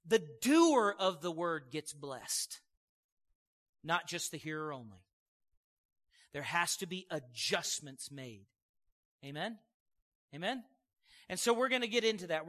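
A male pastor preaching a sermon, telling stories with energy and calling out "amen" to his congregation. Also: high voice. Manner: storytelling, animated, calls "amen" to congregation. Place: church sanctuary.

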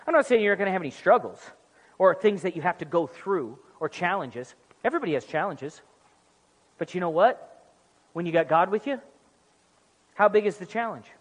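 A man preaching a sermon in a church, animated and acting out little comic dialogues. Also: high-pitched, brisk, long pauses. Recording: music under voice, long hall reverb.

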